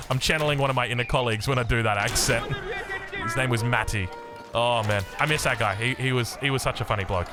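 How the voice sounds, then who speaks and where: An Australian man commentating a strategy game match in an excitable, chatty way, joking and digressing as he goes. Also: mid-range voice, brisk, over music. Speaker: game caster.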